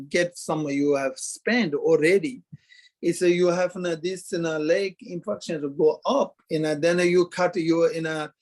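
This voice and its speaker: Tibetan-accented man, halting and fairly high. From Kham, Tibet. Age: 50s. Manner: hesitant broken English, many pauses and fillers. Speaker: Buddhist lama telling his story. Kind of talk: halting interview storytelling.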